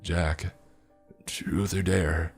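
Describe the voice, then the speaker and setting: Man voicing a sinister ageless stranger, low monotone, slow and teasing, faint music behind. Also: creaky, breathy edge, full character voice. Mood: calm, menacing.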